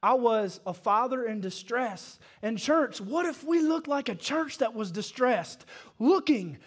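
A Southern pastor with a notably high voice delivers a sermon, chatty and homespun as he tells his stories. He pushes his voice up into loud, fervent exhortation as he drives his points home. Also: lively intonation, unhurried, slightly rough. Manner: folksy storytelling that builds to shouted exhortation. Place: church service.

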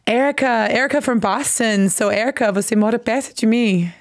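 An American woman, a native English speaker, hosting a live English lesson stream, chatting warmly and trying out halting Portuguese over a headphone mic. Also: on the high side, dry recording, clean studio sound. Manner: gushing, reads chat names aloud, halting Portuguese. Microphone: headphone mic on a video stream.

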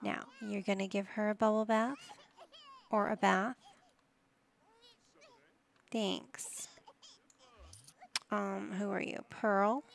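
A woman chats her way through a life-sim game, telling her characters what to do like a patient but slightly exasperated parent. She speaks slowly, with a gravelly fry in her mid-pitched voice. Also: flat delivery. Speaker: gaming channel host. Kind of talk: casual gameplay commentary.

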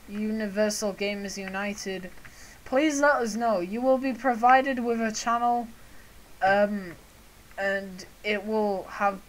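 Halting young woman introducing a gaming channel. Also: on the high side, slight background noise, low-quality recording. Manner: halting, with many fillers. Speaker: channel co-manager.

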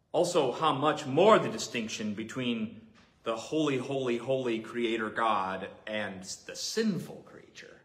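Bright-voiced man preaching a sermon. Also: mid-range voice. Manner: earnest, emphatic preaching with repetition. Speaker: pastor. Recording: roomy echoing hall.

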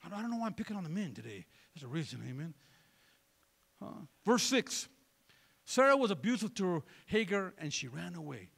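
Male pastor, sermon, animated pitch swings, loose and joking with the congregation. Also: fairly quick, creaky, slightly rough. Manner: conversational, joking, asks the crowd for replies.

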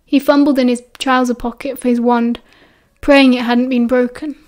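High-voiced British woman reading aloud. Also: level tone, moderate pace, a little mellow. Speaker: audiobook reader. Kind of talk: fan audiobook narration.

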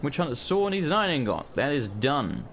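A man's voice: mid-range voice, big pitch swings, a little fast, fairly bright tone, a little hiss or hum. A man hosting a let's play, giving casual gameplay commentary, joking and cursing freely. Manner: laughs often, swears casually.

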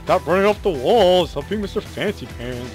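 A young man hosting a gaming video, excitable, laughing and swearing at the game while he plays. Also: sits high, normal speed, faint music behind. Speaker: gaming channel host. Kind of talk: casual gameplay commentary.

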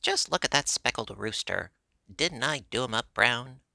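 A man's voice: mid-range voice, lively intonation, normal speed, vocal fry, pushed and bright, no room sound, full character voice. A man voicing a proud, scrappy hen in a storybook reading, speaking brashly and defiantly. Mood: boastful.

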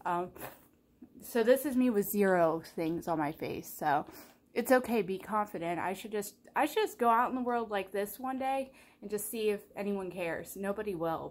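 A woman's voice: medium pitch, lively intonation, normal speed. A young woman chatting casually in a daily vlog, bubbly, rambling and self-deprecating. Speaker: vlogger.

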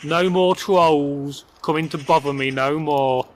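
A man's voice: on the high side, steady tone, a little slow, slight background noise, lightly acted. Man playing a hearty old farmer. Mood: content. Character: old, slightly deaf male farmer, cheerful.

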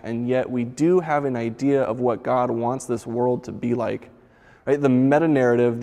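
A man telling a story and reflecting on it in a church service, calm and measured. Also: mid-range voice, big-room sound.

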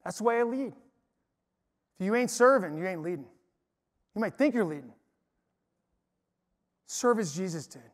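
High-voiced man preaching in a hall. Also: moderate pace, pauses often. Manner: energetic, storytelling, emphatic. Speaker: speaker. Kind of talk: preaching to an audience. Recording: long hall reverb.

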